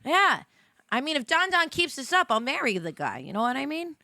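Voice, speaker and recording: An American woman streamer chatting casually on a live stream, jet-lagged and tired, rambling with many fillers and bursts of excitement. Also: high voice, fast talker, dry recording, studio quality. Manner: excitable, rambling, many fillers, swings between mumbling and squealing.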